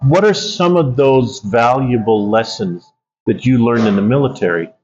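A male interviewer and fellow veteran, asking questions in a halting, affirming way. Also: mid-range voice, lively intonation, a little mellow, husky, soft background music. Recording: dull lo-fi audio.

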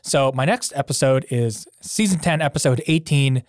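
Studio-quality audio with no echo captures a young male podcast co-host in casual conversation, hesitant and full of filler words. He speaks in a mid-range voice at a normal pace.

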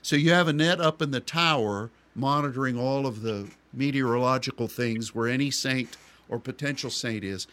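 A man's voice: mid-range voice, normal speed, hardly any pauses, a bit bright. A man co-hosting a radio show in a casual, rambling chat, joking often and restarting his sentences. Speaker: radio co-host.

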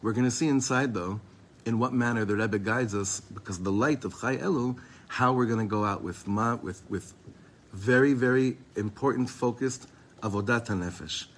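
A man's voice: mid-range voice, normal speed, fairly bright tone. A man giving an informal Torah class to a group, talking casually with many restarts and Hebrew terms mixed in. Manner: casual and rambling, sprinkled with Hebrew and Yiddish terms; frequent restarts and fillers, chuckles often. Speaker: Chabad teacher giving a class.

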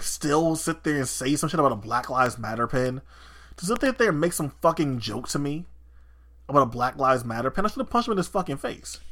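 A man's voice: mid-range voice, fairly bright tone. A man co-hosting a podcast in casual chat, talking heatedly, swearing and restarting his sentences. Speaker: podcast co-host.

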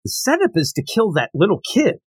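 Speaking fairly quickly in a high voice with a breathy edge, this male podcast co-host retells manga scenes enthusiastically and performs the characters' dialogue. There's no echo, and the talk is a casual chat reviewing manga.

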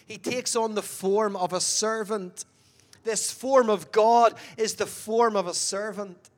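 Male preacher, highish voice, asks the crowd stuff, gets loud then goes quiet. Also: fairly even intonation, takes it slowly. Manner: questions the audience, swings between loud emphasis and quiet. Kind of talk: sermon.

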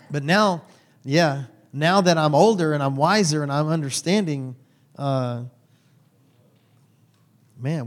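A middle-aged male pastor delivers a laid-back sermon, joking and chatting and checking in with his congregation. His voice sits a bit high for a man. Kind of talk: casual sermon.

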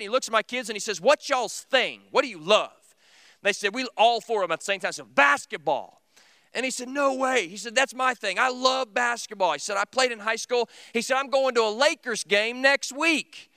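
A man's voice: sits high, bright, forceful tone, smooth, dry recording. A middle-aged man preaching a sermon in an earnest, conversational, storytelling way. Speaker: teacher.

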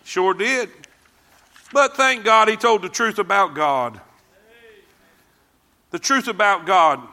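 This man preaches a sermon in a high-pitched, slow, sharp-toned voice. He is emphatic, repeats phrases, and calls on the congregation to read verses along with him.

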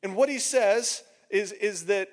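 A man's voice: high voice, measured pace, in a large hall. A man preaching a sermon as pastor in a conversational way, acting out the voices he quotes. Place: church hall.

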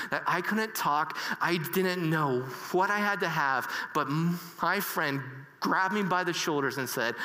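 A man telling a personal story earnestly, halting with many restarts and fillers. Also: sits high, sharp tone. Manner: earnest and emotional. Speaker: speaker. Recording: reverberant hall.

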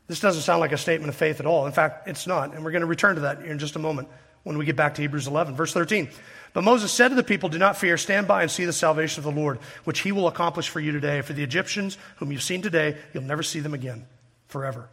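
A man's voice: high voice, fast, a bit bright, big-room sound. A man preaching an expository sermon, reading scripture aloud and pressing his points with earnest rhetorical questions. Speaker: pastor.

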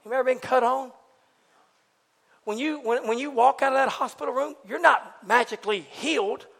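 Man, preacher, sermon, very high pitch, folksy, congregation call-and-response, loud bursts and quiet asides. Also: normal speed, gravelly. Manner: animated, swinging from loud exclamations to hushed asides; folksy, talks back and forth with the congregation. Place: church service before a congregation.

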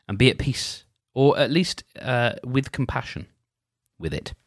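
A man hosting a solo podcast, leading a gentle, halting, reflective check-in with frequent restarts. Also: medium pitch, animated, no room sound, studio quality. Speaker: podcast host.

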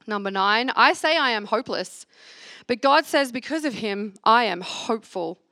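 A woman guides a church gathering through a reflection, earnestly reading scripture and having listeners echo affirmations after her in a call-and-response sermon. Her voice is on the high side, sharp in tone with lively intonation and normal speed, recorded cleanly in a studio with no echo.

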